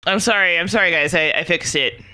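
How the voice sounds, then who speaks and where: A young adult woman streaming and chatting casually, excitable and laughing often, swearing freely as she talks. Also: on the low side, fairly quick. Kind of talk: casual chat while gaming.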